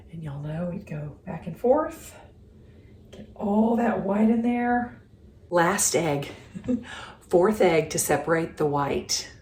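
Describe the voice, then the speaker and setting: A woman's voice: fairly low pitch, a little mellow, reverberant, a little hiss or hum. A middle-aged woman hosts a home cooking show, chatty and affectionate, laughing often. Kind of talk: casual home cooking demonstration. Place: home kitchen.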